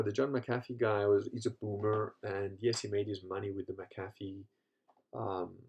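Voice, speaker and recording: Man, low voice, casual rambling chat, swears, laughs a lot, tired. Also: a little mellow. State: tired, leg cramps. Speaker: podcast host.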